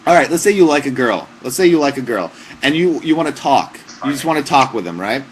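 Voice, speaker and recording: Deadpan young man giving joke advice. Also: medium pitch, fairly quick, a little hiss or hum. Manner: mock-serious, deadpan joking advice with frequent fillers. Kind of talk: casual comic livestream chat.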